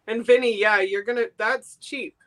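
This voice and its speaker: A woman's voice: mid-range voice, fairly bright tone. A woman from Boston chatting casually and enthusiastically as a guest seller on a live-stream sale. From Boston, USA. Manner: chatty and enthusiastic, quick giggles.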